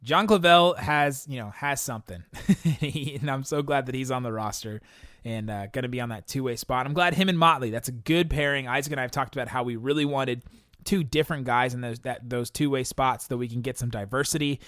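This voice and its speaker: A young man hosts a casual podcast, working through listener questions in a loose, rambling way. He laughs often, restarts his sentences and leans on fillers. His voice sits at an ordinary middle pitch and sounds dry and close to the mic. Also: a little fast, fairly bright tone, dry recording. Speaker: podcast host.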